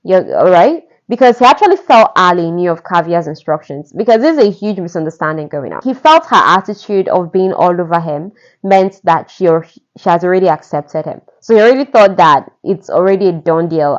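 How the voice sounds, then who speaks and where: A low-voiced, expressive woman retells a novel on a podcast at a moderate pace, gushing and chatting with asides to the listener. The recording sounds dull and lo-fi.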